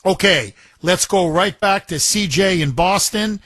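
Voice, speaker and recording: A man's voice: sits high, measured pace, a bit bright, no echo. A man hosting a talk radio show, brash and taunting, often laughing as he talks to callers and his producer. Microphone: studio microphone.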